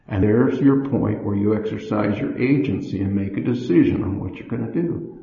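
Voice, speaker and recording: A man giving a sermon, measured and storytelling, acting out the inner voices he describes. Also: medium pitch, lively intonation, creaky. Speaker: church speaker. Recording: echoey hall, dull lo-fi sound.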